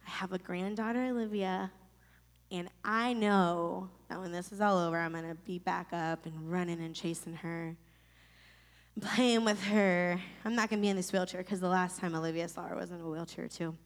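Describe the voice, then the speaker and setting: A woman in her thirties from Florida telling a personal testimony in an emotional, halting way with many restarts. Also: lowish voice, steady tone. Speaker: storyteller sharing a personal testimony. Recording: long reverb.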